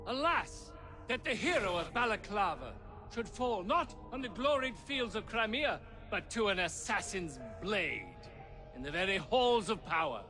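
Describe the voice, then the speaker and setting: An actor playing a pompous, theatrical British aristocratic cavalry officer, speaking grandly in a game cutscene. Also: male voice, high voice, big pitch swings, measured pace, bright, forceful tone, soft background music, full character voice. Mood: defiant.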